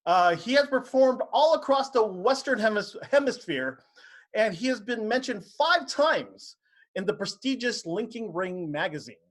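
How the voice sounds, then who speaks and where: A man's voice: high-pitched, animated, normal speed. A man hosting an online show, giving joking, rambling introductions over a video call. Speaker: host.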